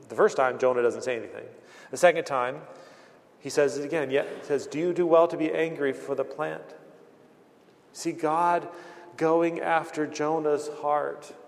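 Earnest preacher in a reverberant hall. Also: male voice, fairly high pitch. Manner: earnest, plain-spoken, with repeated restarts. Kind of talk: sermon.

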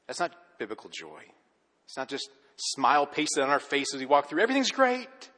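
Husky pastor guy preaching, kinda high voice, animated then goes real quiet, big echoey church. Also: normal speed. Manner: storytelling, animated, dropping to a soft earnest hush. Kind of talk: sermon.

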